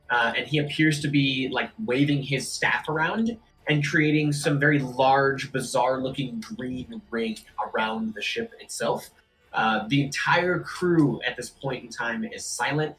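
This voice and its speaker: A man running a tabletop game as game master, narrating casually with many pauses and fillers. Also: mid-range voice, a bit bright, rough recording.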